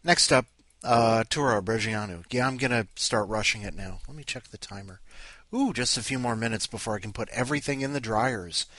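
A man's voice: lowish voice, fairly quick, fairly bright tone, dry recording. A man hosting a podcast in a playful, rambling, jokey way. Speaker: host. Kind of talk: casual podcast chat.

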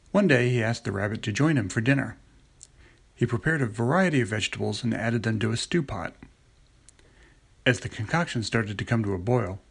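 A man reads his short stories in a plain, steady way. His voice is gravelly and husky, with a rough edge throughout. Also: medium pitch. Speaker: story contributor.

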